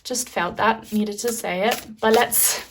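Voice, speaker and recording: A woman reading tarot cards for viewers, speaking in a gentle, reassuring and chatty way. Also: mid-range voice, fairly even intonation, a little slow, slight background noise. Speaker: tarot reader.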